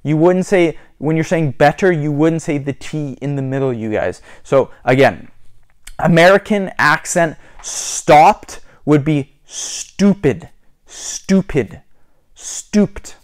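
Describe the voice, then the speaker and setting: A man making a casual how-to vlog, chatty and repetitive, slowly spelling out and demonstrating words. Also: a little high, clear, resonant tone. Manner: chatty, repeats "you guys" and "so again". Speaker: YouTuber.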